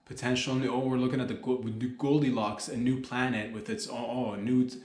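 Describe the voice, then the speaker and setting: A man's voice: medium pitch, fairly even intonation, a little fast, hardly any pauses, a little mellow, roomy sound. A man hosting a comedy podcast, riffing in a loose, profane monologue full of slang and mock-panicked outbursts.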